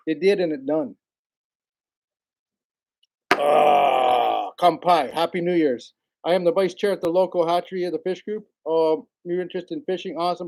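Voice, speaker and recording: A man's voice: fairly high pitch, warm tone. A man hosting a casual livestream, rambling in a laid-back way, greeting viewers by name and laughing often. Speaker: livestream host.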